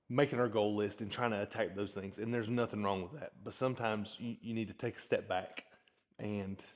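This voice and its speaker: A man hosting a blacksmithing vlog, talking casually and earnestly, reflective and encouraging. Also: fairly low pitch. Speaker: blacksmith and channel host.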